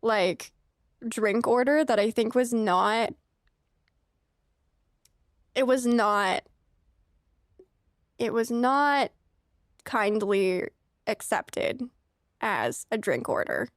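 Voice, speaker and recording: A woman's voice: on the high side, expressive, drawn-out words, long pauses, no room sound, clean studio sound. A young woman streaming a game, chatting casually with rambling asides and frequent laughter. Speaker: streamer playing a farming game. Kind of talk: casual let's-play chat.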